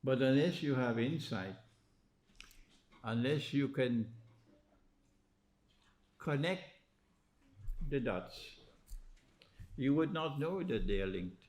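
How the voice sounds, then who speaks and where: A man giving an animated religious lecture as an Islamic lecturer. He poses rhetorical questions and prods his listeners with "huh?". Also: medium pitch, takes it slowly, pauses often.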